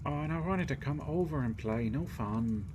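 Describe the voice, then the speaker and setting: A man's voice: on the high side, expressive, normal speed, noisy background, pitched above the performer's own voice, natural voice. A whiny little village boy from a role-playing game, as a man puts on a raised voice. He sounds eager and childlike, with game music playing underneath. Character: small hungry village boy, eager and cheerful.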